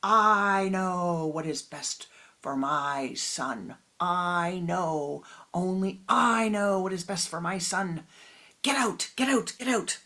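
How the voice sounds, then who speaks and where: A woman voicing a furious, greedy middle-aged businessman who shouts with contempt in a told story. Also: on the low side, a little slow, hardly any pauses, in a whisper.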